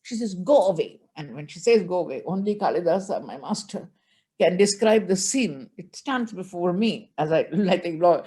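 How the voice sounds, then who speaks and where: A woman's voice: lowish voice, expressive, warm tone. Woman teaching scripture. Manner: chants Sanskrit verses, then explains in measured storytelling. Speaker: spiritual teacher. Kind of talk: religious discourse.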